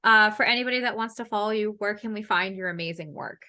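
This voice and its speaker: A woman with a Canadian accent hosting a casual podcast chat, animated and swearing freely. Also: medium pitch, fast talker. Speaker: podcast host.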